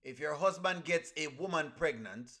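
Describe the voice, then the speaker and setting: A man talks to his stream chat as he reacts to a video. His voice sits high and sounds bright and forceful. He is animated and repeats his exclamations over and over. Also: moderate pace.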